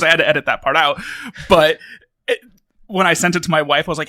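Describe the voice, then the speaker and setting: A man's voice: a little high, fairly even intonation, fast talker, sharp tone, dry recording, studio quality. A man who is a guest on a podcast, telling stories in an easygoing, chatty way. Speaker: guest, author and photographer. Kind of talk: casual chat.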